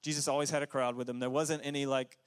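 A man giving a casual, conversational sermon as pastor, full of fillers and quick asides. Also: level tone, clean tone. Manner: conversational, many fillers, jumps into high put-on voices for quotes.

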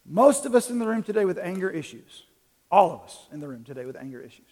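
A man preaching a sermon in a church, conversational, swinging from quiet asides to loud, animated bursts. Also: sits high, fairly quick. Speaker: pastor. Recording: long reverb in a large hall.

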